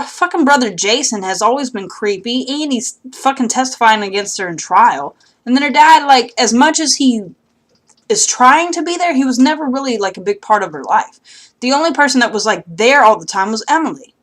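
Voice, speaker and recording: A woman's voice: a little high, fairly bright tone. A young woman casually recapping a TV episode outdoors, rambling and swearing, with lots of fillers. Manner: chatty, profane, rambling with many fillers. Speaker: TV recap vlogger.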